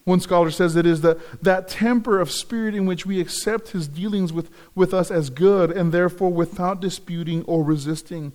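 Man, pastor, sermon, high-pitched, earnest, repetitive emphatic phrasing. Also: normal speed, few pauses, darkish tone.

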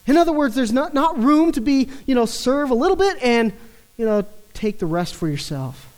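A preacher working through a passage of scripture in an emphatic sermon, repeating words for stress and slowing down on key phrases. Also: sits high, very animated, a little mellow, rough recording. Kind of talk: expository sermon.

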